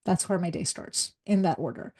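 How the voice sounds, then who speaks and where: A middle-aged woman, a leadership coach and former psychologist, giving a live workshop talk in a fast, direct, energetic way. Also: on the low side, slightly rough.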